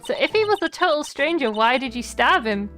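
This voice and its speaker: A woman's voice: sits high, very animated, brisk, a bit bright, soft background music. A woman voicing a composed young male prosecutor who questions people in a cool, sardonic way. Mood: questioning.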